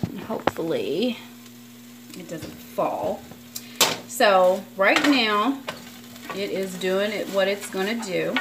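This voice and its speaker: A woman's voice: medium pitch, very noisy. Chatty woman cooking over a sizzling pan. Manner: chatty, rambling, apologetic asides. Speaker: cooking vlogger. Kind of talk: casual cooking demonstration. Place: home kitchen. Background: frying and sizzling in a skillet.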